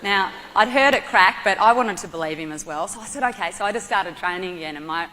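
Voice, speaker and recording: A woman with an Australian accent telling a personal story to an audience, animated and vivid. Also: medium pitch, fast, a little hiss or hum. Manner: lively, animated storytelling with acted-out quotes. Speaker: motivational speaker. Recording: long hall reverb.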